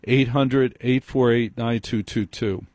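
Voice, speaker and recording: A man hosts a late-night call-in radio show, wry and teasing, cutting in on his callers. His mid-range voice is steady, slow, and darkish in tone, picked up by a studio microphone with no room sound.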